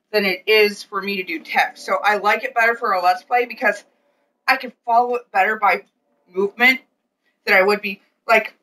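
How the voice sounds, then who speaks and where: A woman co-hosting a casual chat, playful and excitable, teasing her husband. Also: mid-range voice, distant mic. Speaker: co-host.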